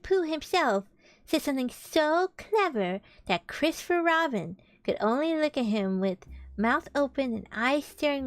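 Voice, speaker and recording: A young woman streamer reading a storybook aloud, animated, with chatty asides to her viewers. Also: on the high side. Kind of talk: casual read-aloud stream. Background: faint background music.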